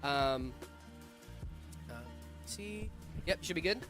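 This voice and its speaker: A man's voice: on the high side, lively intonation, takes it slowly, music in the background. A young man hosting a casual tech livestream, chatty and rambling, his voice a little off after being sick. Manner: chatty, rambling with fillers and asides to chat. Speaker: stream host.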